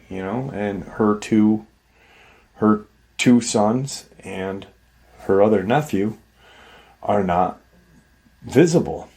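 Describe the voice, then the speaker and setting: Male host, low voice, slow and unhurried, casual rambling storyteller. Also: creaky, mellow. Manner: conversational, rambling, "you know" fillers.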